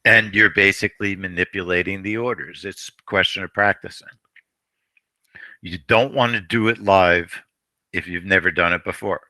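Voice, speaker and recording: Male trading host, very low bright voice, unhurried, repeats himself, dry sound. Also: fairly even intonation, no echo. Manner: rambling, repeats phrases, frequent throat clearing. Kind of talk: live trading commentary.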